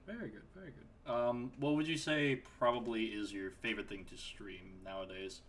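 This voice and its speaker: A man's voice: on the low side, moderate pace, a bit bright. A man hosting a podcast interview, hesitant and fumbling for his words. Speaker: podcast host. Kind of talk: casual interview.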